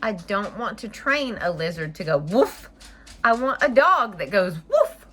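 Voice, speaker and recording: A woman's voice: mid-range voice, sing-song, unhurried, fairly bright tone. A woman voicing an insistent child in a picture book who only wants a dog, reading aloud. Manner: insistent, earnest.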